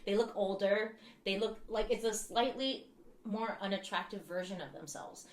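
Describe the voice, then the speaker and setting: Young mom vlogger rambling and oversharing, swears a lot, laughs a bunch, echoey room. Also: female voice, mid-range voice, moderate pace. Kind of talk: casual chat to camera.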